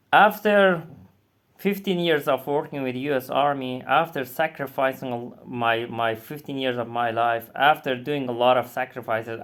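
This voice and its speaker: A man's voice: medium pitch, fairly bright tone, clear, resonant tone. Bitter, profane man telling his story. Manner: bitter, profane, halting with many restarts. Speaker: former combat interpreter. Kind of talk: angry personal storytelling.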